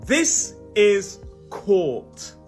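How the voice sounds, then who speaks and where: Animated teacher modelling vowels. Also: mid-range voice, faint music behind. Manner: slow, exaggerated modelling of sounds. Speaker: English pronunciation teacher. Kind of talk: scripted pronunciation lesson.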